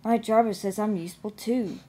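A woman voicing a sad, proud old male traction engine in a storybook reading, gentle and wistful. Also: mid-range voice, fairly quick, breathy edge.

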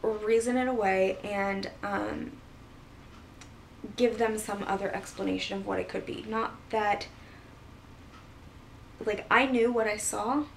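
A woman vlogger tells a personal story in a loose, rambling way, full of fillers and restarts. Her voice stays level and mid-pitched with little rise or fall. She sits a little back from the mic, with a faint hiss in the background. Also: steady tone, takes it slowly, creaky, pauses often, recorded from a distance, poor audio. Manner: rambling, filler-heavy retelling. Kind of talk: casual storytelling.

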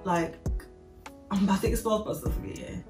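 A woman's voice: medium pitch, steady tone, normal speed, reverberant, distant mic, over music. A woman vlogger telling an emotional storytime, candid and rambling, speaking straight to her viewers. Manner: talks straight to viewers as "y'all".

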